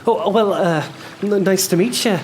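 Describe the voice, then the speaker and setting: A man's voice: high voice, unhurried, slight background noise, voice pushed up. A man voicing a nervous, small young male pirate recruit with an Australian accent, stammering and hesitant.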